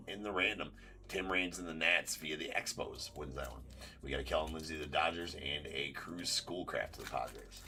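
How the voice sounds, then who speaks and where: With a very deep voice that sounds pushed and bright, this man runs a live card break stream. His casual banter is loose and rambling as he teases chat viewers, laughing frequently and filling in with filler words.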